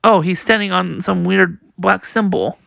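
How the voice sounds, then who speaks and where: A man's voice: high voice, steady tone, a little slow, vocal fry, pushed and bright, no echo, clean studio sound, heavily acted. A man reading a smug wax villain. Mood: gloating. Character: smug scheming male wax-wielding villain.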